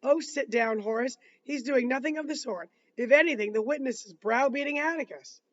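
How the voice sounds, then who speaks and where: A man's voice: extremely high pitch, normal speed, a bit bright, dull audio. A man reading aloud, voicing a stern older judge who speaks firmly and brusquely.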